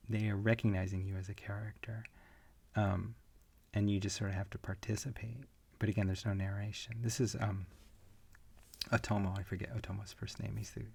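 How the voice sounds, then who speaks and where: A man teaching an online comics class in a relaxed, rambling way, with frequent fillers. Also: on the low side, gravelly, slightly rough. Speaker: comics instructor. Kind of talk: online lecture.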